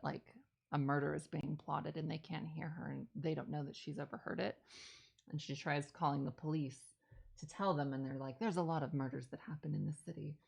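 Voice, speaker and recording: A woman's voice: low voice, vocal fry, a little mellow, low-quality recording. A woman hosting a casual live stream, chatting and answering viewer questions while she works, rambling and correcting herself as she goes. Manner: chatty, rambling, self-correcting, enthusiastic about films. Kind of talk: casual chat. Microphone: streaming setup while working on a craft.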